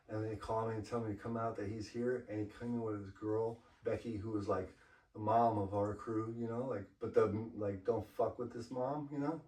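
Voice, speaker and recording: Guest graffiti writer from LA, loose and profane storyteller, heard from across a roomy space. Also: male voice, on the low side, steady tone, moderate pace, dark tone. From Los Angeles. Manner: profane, laid-back storytelling with frequent "you know". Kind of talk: casual storytelling interview. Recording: roomy, mic far off.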